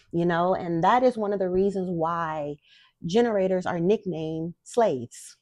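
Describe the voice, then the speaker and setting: A young woman, a spiritual guide and host, talks casually straight to camera, using blunt, profane emphasis. Her voice sits on the low side and is a little mellow. The recording is dry.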